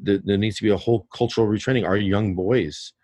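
A man speaks in a very low, husky voice with earnest, measured phrasing. He explains his views carefully in an interview. The sound is dry and close. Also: fairly even intonation, warm tone, no room sound. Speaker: filmmaker interviewer. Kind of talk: reflective interview commentary.

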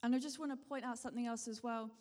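A woman preaches fast, her slightly high, a little mellow voice holding a steady tone. Long hall reverb surrounds her sermon as she goes over her points again and again, encouraging listeners and questioning the congregation.

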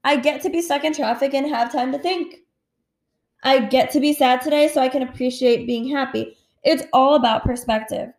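A woman's voice: sits high, normal speed, darkish tone. A woman hosting a casual solo podcast, talking candidly, swearing freely and saying "like" a lot. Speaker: podcast host. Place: home at night. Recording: roomy echo.

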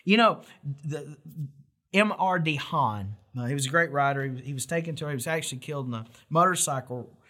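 A man's voice: medium pitch, quick pace, bright, forceful tone. A middle-aged man preaching a sermon in an earnest, emphatic way, with rhetorical questions and frequent restarts. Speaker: pastor.

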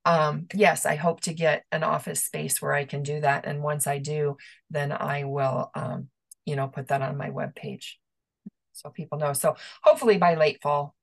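A woman's voice: sits low, fairly even intonation, normal speed, gravelly. A middle-aged woman, a medium as guest, telling personal stories in a rambling, emotional way with many restarts. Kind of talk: conversational storytelling.

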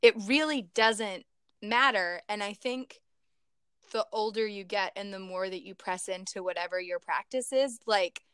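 A woman's voice: mid-range voice, unhurried, a bit bright, clean tone, no room sound, studio quality. A young woman in casual reflective chat, talking things through with many fillers.

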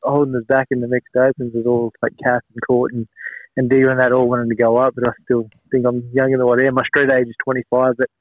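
A man's voice: mid-range voice, completely flat delivery, quick pace, no room sound. A man in his thirties with an Australian accent, a laid-back, rambling guest in a casual chat. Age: 30s. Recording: tinny phone line.

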